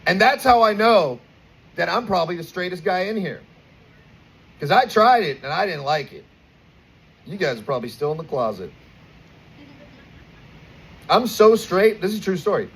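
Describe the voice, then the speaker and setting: A man in his twenties with an American accent, doing a crude stand-up set with animated, acted-out stories, performing outdoors at a bar. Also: sits high, normal speed, pauses often, slightly rough, poor audio. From United States. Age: 20s. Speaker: stand-up comedian.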